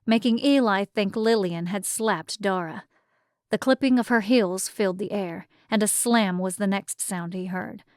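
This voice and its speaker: A woman narrates an urban fantasy audiobook from a script, telling the story in a measured, even manner. Her voice is medium-pitched, and the recording is dry with clean studio sound.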